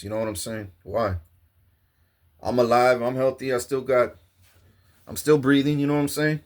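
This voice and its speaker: A man giving a profane, animated comedic rant, boasting and acting out scenes. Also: medium pitch, normal speed, pauses often. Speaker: vlogger.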